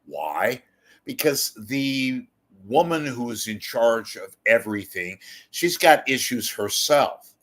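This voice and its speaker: A man's voice: medium pitch, expressive, slow, a bit bright. A man delivering a ranting commentary, exasperated, sarcastic and blunt, with occasional profanity. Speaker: media commentator.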